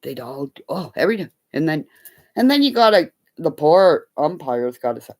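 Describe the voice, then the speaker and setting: A middle-aged woman on a live stream speaks at a moderate pace in a low voice, telling rambling stories laced with profanity in casual chat. She animatedly imitates the voices of the people in her tales.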